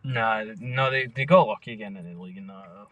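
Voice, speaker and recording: A man's voice: fairly low pitch, fast, a bit bright, no echo, lo-fi sound. A young Scottish man co-hosting a podcast, chatting casually about football in a laid-back way with short, agreeable replies. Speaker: podcast co-host. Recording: distant from the mic.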